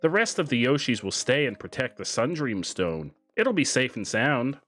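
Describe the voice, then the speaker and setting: A man's voice: medium pitch, moderate pace. A man casually commenting on a video game as he plays, joking and reading the on-screen text aloud. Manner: animated, jokey, reads game text aloud. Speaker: streamer. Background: faint game music.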